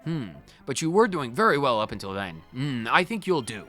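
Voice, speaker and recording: A man's voice: mid-range voice, sing-song, normal speed, sharp tone, faint music behind. A man voicing a pompous, fussy old male teacher who talks in old-fashioned exclamations.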